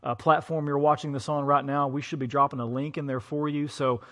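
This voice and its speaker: A man's voice: a little high, flat delivery, brisk, fairly bright tone. A man pastor co-preaching an online sermon in an empty church, easygoing and joking, with fillers. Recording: long reverb of an empty hall.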